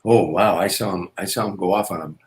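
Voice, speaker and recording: An older man, a comedian, telling anecdotes in an interview, with repetitions and quick restarts. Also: sits low. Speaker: guest comedian. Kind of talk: storytelling interview.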